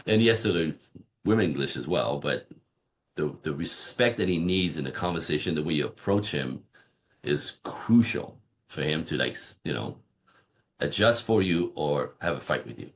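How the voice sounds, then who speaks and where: A man's voice: very deep voice, moderate pace. A man on a podcast as a relationship coach, talking emphatically and often checking in with "right?". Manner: emphatic, animated, keeps saying "right?"; acts out quoted voices of clients. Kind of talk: podcast interview.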